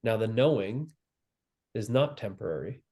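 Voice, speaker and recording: A man giving a spiritual teaching, speaking calmly and slowly with long pauses and repeated phrases. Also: lowish voice, breathy edge. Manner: calm, slow and repetitive, with long pauses. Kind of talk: slow guided spiritual teaching.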